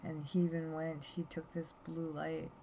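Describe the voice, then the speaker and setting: A woman's voice: sits low, flat delivery, moderate pace, mellow. A woman in her fifties rambling anxiously through a story as she chats to her phone camera, tired and yawning. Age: 50s. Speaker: vlogger. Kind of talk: casual chat to camera. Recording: dull lo-fi sound with faint noise.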